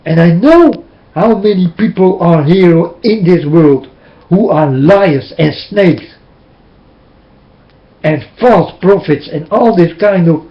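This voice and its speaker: Animated yet unhurried, a high-voiced native Dutch speaker preaches a passionate religious monologue into his webcam, speaking straight to his viewers. The webcam audio is dull and lo-fi.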